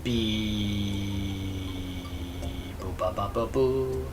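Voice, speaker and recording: A man's voice: lowish voice, drawn-out words, noisy background. A man chatting casually to viewers on a live stream, rambling and stammering with lots of repeated words. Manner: chats with viewers between game moments.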